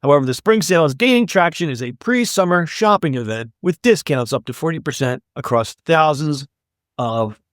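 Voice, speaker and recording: A man's voice: a little high, animated, moderate pace, no echo, clean studio sound. A man co-hosting a retail news podcast, reading the stories with wry, sarcastic asides in casual chat. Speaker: podcast co-host.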